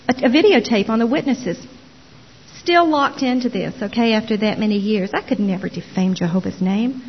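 A woman telling her personal testimony as a former Jehovah's Witness, expressive and dramatizing the story with little voices. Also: fairly high pitch, breathy edge. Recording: dull lo-fi recording.

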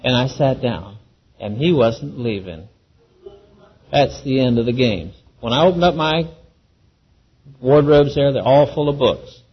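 Folksy man, husky and a bit high, earnest testimony storyteller, dull lo-fi recording. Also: lively intonation, unhurried, long pauses. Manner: earnest, folksy, acts out the quoted voices. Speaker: Christian speaker giving a testimony.

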